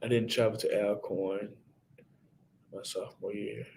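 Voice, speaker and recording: A man's voice: fairly low pitch, little pitch movement, unhurried, gravelly, darkish tone, a little hiss or hum. A young man, casually chatting on his livestream and answering viewers by name. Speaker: livestream host, college football player. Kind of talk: casual livestream chat reading viewer comments.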